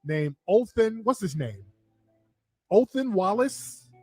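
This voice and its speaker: A man giving casual, animated commentary straight to his viewers, repeating himself for emphasis. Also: high-pitched, slow, no echo, studio quality. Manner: animated, repetitive, talks to viewers directly. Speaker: online commentator.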